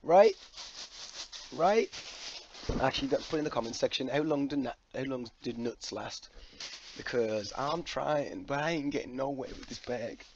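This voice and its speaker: A man's voice: mid-range voice, normal speed, dull audio, a little hiss or hum. A man talking to camera in a loose, rambling, jokey monologue, swearing freely. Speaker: vlogger.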